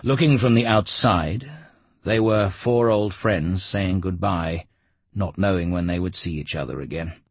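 Brief: man, deep and slightly husky, steady audiobook narration, dry close sound. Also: dry recording. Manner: measured, steady storytelling. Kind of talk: scripted narration.

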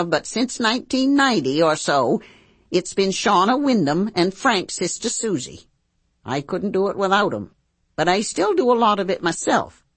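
A woman's voice: fairly low pitch, no room sound. A woman narrating as a blunt, earthy 65-year-old housekeeper who talks in folksy, salty rural speech. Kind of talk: first-person audiobook narration.

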